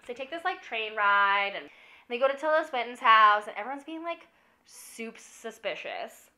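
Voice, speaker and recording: Bright-voiced drunk young woman rambling. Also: fairly high pitch, lively intonation, normal speed. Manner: rambling, fills every phrase with "like". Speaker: film recapper. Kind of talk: rambling comic movie recap.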